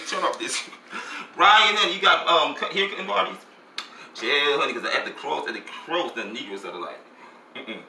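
A man's voice: fairly high pitch, pushed and bright, reverberant, slight background noise, rough recording. A man delivering a sassy, campy comic gossip monologue, laughing often and calling everyone honey and girl.

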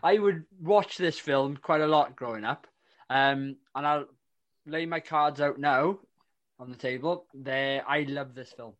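A man's voice: on the high side, a little slow, a bit bright, dull audio. A man hosting a casual film podcast, chatting enthusiastically with plenty of fillers and restarts. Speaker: podcast host.

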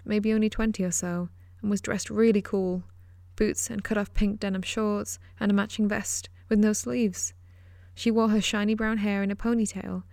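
Female audiobook narrator, mid pitch, dramatic horror reading with hushed whispers, dry close recording. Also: no room sound. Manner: dramatic, drops to whispers in tense moments. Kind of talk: scripted narration of a horror novel.

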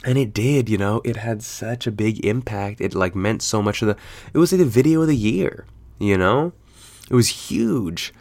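A man with a slightly low voice chats on his own, telling stories with lively, foul-mouthed energy. He laughs often and leans hard into his punchlines. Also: moderate pace. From United States. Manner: animated, profane storytelling with frequent laughs. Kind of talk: casual solo chat.

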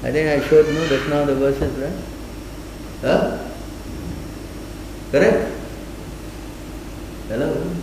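A man's voice: on the high side, takes it slowly, long pauses. A man giving a scripture class lecture, prodding his listeners with repeated questions. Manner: questioning, repeatedly asks the audience to answer. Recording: echoey room, faint noise.

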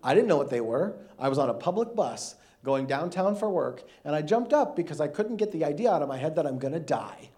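A man in his thirties, a guest preacher telling a funny, animated personal story in a sermon with frequent laughter. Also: fairly high pitch, brisk, hardly any pauses.

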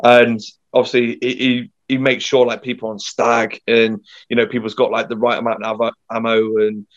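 A young man tells a rough, sweary army story with energy, jumping into the voices of the people in it. His voice sits at an ordinary middle pitch. The recording is dull and lo-fi. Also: normal speed, dry recording. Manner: sweary, animated storyteller acting out quotes. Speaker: podcast guest. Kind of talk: casual storytelling. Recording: dull lo-fi sound.

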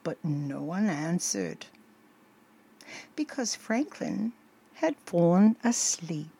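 An older woman gently reading a children's storybook aloud as the show's storyteller. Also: lowish voice, vocal fry, husky. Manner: slow, expressive, gentle reading. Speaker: storyteller host.

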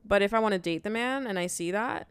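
A woman's voice: mid-range voice, fast talker, clean tone, no room sound. A young woman co-hosting a podcast in casual chat about dating, blunt and sarcastic and swearing freely. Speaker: podcast co-host.

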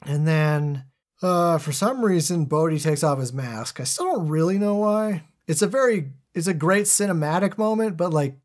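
A man's voice: a little high, moderate pace. Rambling, easygoing male podcast host. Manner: loose, rambling, many "like" fillers, acts out quoted lines. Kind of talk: casual movie-discussion chat.

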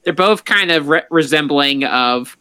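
High bright-voiced man hosting a chat. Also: expressive, a little slow, clear, resonant tone. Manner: theatrical, exaggerated put-downs. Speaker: host of a food ranking chat. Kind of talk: casual chat.

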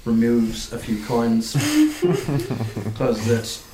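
A man narrating as game master of a tabletop game, halting and full of fillers. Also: mid-range voice, wildly swooping pitch, roomy sound, noisy background. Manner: halting, with many fillers and restarts.

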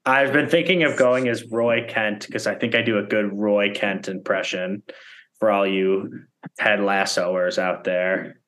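A man's voice: on the low side, steady tone, unhurried, a bit bright. A man in casual podcast chat, joking and slipping into silly bits. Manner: jokey, drifts into silly voices and song. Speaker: podcast co-host.

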